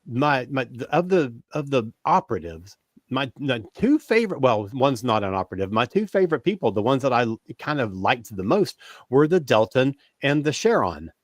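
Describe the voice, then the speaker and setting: A male podcast host with a very lively, swooping delivery who keeps restarting his sentences and apologizing for slipping into swearing. His tone is mid-pitched and his sound is dry and close. He reads viewer comments aloud between stretches of casual chat. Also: moderate pace, no room sound. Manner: animated, self-correcting, apologizes for swearing.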